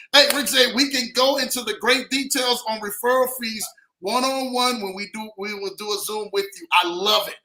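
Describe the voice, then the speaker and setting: With a high, bright and pushed voice, a livestream host gets hyped, shouting out viewers by name and repeating his phrases in upbeat talk. The recording has a roomy echo.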